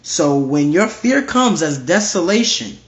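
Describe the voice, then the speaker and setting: A man with a fairly high voice and wide pitch swings leads a relaxed verse-by-verse Bible study at a measured pace. He reads scripture aloud and hammers his points home by repeating them. The recording is roomy, dull and lo-fi.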